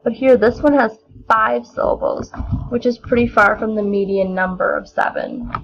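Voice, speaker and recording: Young woman with a gravelly voice. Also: fairly high pitch. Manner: measured, explanatory, occasional restarts. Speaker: student presenter. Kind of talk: poetry analysis lesson. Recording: dull lo-fi recording.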